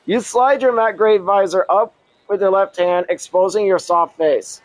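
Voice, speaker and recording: A man's voice: high voice, a little slow, dry recording, low-quality recording. A man reading a story aloud with casual asides, often chuckling and stopping to correct himself.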